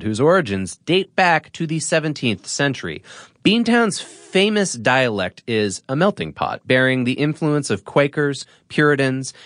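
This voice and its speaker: A man from the Boston area hosting an explainer podcast, reading a script with lively, playful asides. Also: mid-range voice, no echo, clean studio sound. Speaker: podcast host.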